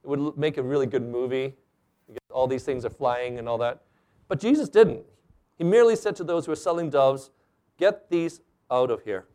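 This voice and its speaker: A man preaching a sermon in a church, animated and acting out the people he quotes. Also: medium pitch, a little fast. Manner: animated, acts out quoted speakers. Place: church stage.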